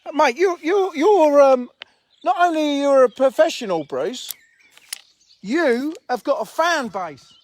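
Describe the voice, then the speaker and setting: A man's voice: very high-pitched, lively intonation, slow pace. A man hosting a casual live stream outdoors by fishing lakes, joking and teasing his viewers and friends.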